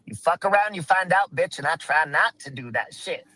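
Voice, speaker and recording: Bright, angry man ranting on a stream. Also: on the high side, lively intonation, a little fast, poor audio. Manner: angry, defensive, profane. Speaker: caller on a live stream. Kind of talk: heated live-stream chat.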